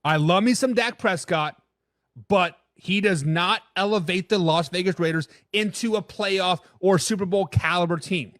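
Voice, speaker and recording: At a moderate pace and with a high-pitched voice, a sports talk show host speaks on a live stream, recorded cleanly in the studio with no echo. He gives frank opinions and fields chat questions, tripping over and repeating words when excited.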